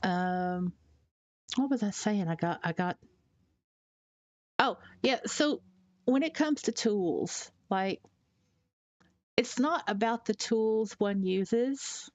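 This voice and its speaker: A woman from Tennessee, chatting casually on a live stream, rambling and halting with fillers as she reads out chat messages. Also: medium pitch, animated, dry recording. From Tennessee, USA.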